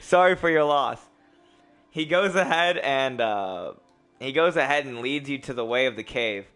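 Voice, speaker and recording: Young guy gm for a tabletop game, bright voice, rambly and loose, keeps clearing his throat, faint music behind. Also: mid-range voice, expressive, normal speed. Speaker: game master.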